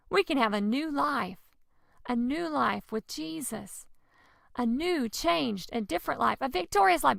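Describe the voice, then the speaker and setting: An animated woman preaching with gravelly edges. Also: high voice, measured pace, dry recording, clean studio sound. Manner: animated and expressive, with sudden loud exclamations. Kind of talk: lively children's-style devotional teaching.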